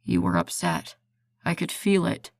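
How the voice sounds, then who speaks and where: A woman's voice: lowish voice, sing-song, unhurried, gravelly, no room sound, full character voice. A woman doing a drowsy, tender boyfriend.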